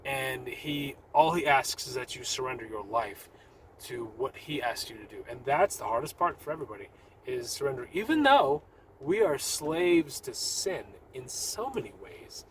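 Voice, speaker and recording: A man's voice: medium pitch, expressive, moderate pace, slight background noise, low-quality recording. A man talking casually but urgently about his faith to the camera while sitting in a car, with rambling restarts. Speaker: Christian vlogger.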